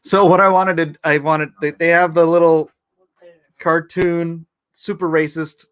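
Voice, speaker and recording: A man's voice: a little high, little pitch movement, measured pace, a bit bright, smooth. A man hosting a live stream, chatting casually and rambling, who jokes and slips into goofy cartoon impressions. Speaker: host.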